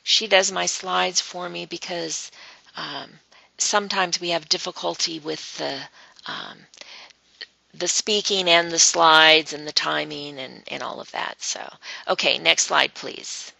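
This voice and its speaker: Gravelly bright-voiced woman presenter. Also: deep voice, fairly even intonation, slow pace, dry recording, low-quality recording. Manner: rambling explanations with many ums and uhs. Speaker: webinar presenter on astrology. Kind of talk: informal teaching talk to an online group.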